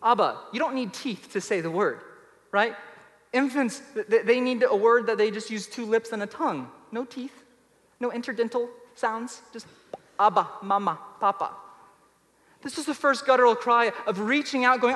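A male pastor preaching a sermon emphatically, his voice swinging from loud to soft. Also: very high-pitched, normal speed, big-room sound.

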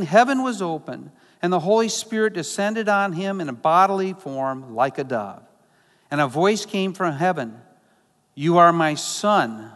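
Guy preaching a sermon, kinda high voice, earnest, slows way down on bible quotes, long church hall reverb. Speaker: pastor.

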